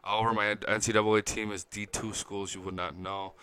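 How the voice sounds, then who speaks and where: A young man hosting a casual live-stream fan chat, excitable and profane, reading viewer comments aloud. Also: lowish voice, fairly quick, smooth. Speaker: fan show host.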